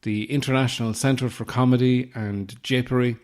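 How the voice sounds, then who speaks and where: A man hosting his own comedy podcast, rambling through deadpan absurd asides close to the mic. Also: mid-range voice, normal speed. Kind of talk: solo comedic podcast monologue. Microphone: close podcast microphone.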